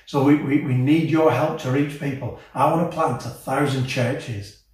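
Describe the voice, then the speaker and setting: A male pastor with a mid-range voice delivers an impassioned sermon at normal speed with fairly even intonation. He rises to emotional peaks, then drops soft. He's picked up from a distance in a very echoey hall.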